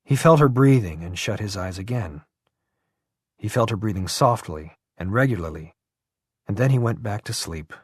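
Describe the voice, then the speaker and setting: A man narrates an audiobook with a fairly low voice that carries a breathy edge, keeping his delivery measured and even. The sound is clean studio audio with no echo.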